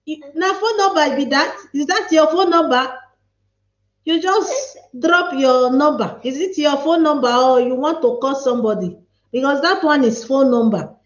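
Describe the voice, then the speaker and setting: High-voiced chatty Nigerian woman. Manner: playful, chatty, mixes pidgin with English. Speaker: livestream host. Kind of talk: casual live-stream chat, reading comments. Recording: echoey room, slightly dull sound.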